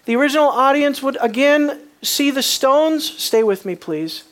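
A preacher delivering a sermon, moving from quiet, low passages to loud, emphatic peaks and asking the congregation many rhetorical questions. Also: lively intonation, normal speed.

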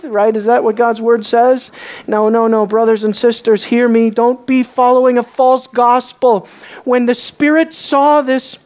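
A woman preaching an emphatic, higher-pitched sermon. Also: flat delivery, a little slow. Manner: emphatic, asks the congregation rhetorical questions; swings between soft low asides and raised exclamations.

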